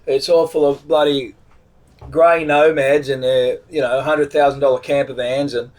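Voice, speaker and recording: A man's voice: mid-range voice, level tone, moderate pace, a little mellow. A middle-aged Australian man casually retelling a road trip story, rambling, with many restarts. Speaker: vlogger telling a travel story.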